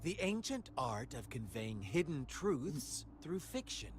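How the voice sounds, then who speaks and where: An actor playing a calm, scheming male storyteller in a game cutscene, with a measured, fable-telling delivery. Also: medium pitch, slight background noise. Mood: storytelling. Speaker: game cutscene narrator and character. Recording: game cutscene with music behind.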